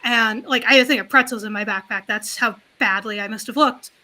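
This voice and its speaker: A woman chatting casually on a livestreamed talk show, telling a long story in an animated, frank, rambling way. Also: on the high side, fairly quick. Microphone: livestream call mic.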